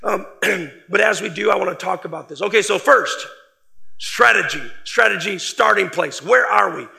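A male preacher with a high, sharp voice and heavy gravel running through it. He delivers a sermon emphatically, hitting key words hard and then letting phrases fall away softly. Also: normal speed. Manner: emphatic, swings from loud stresses to quiet trailing phrases.

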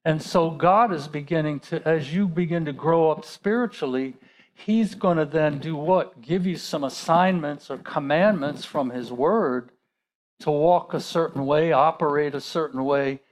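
Man, pastor, sermon, conversational, rhetorical questions, high-pitched. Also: a little slow.

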